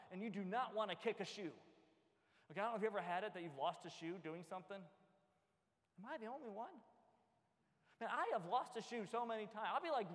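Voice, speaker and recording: A man preaching a sermon as pastor, animated and joking, acting out little everyday scenes. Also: high-pitched. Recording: long hall reverb.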